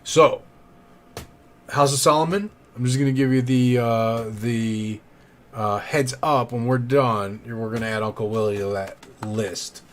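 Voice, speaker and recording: A man's voice: mid-range voice, fairly even intonation, measured pace, a little hiss or hum. Rambling, chatty male tarot streamer. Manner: chatty, rambling, shouts out viewers. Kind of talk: casual live-stream chat. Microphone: studio condenser mic.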